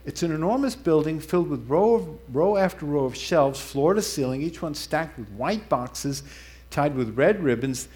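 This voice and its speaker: Male preacher, conversational teaching sermon, animated delivery with self-corrections, somewhat higher-pitched voice.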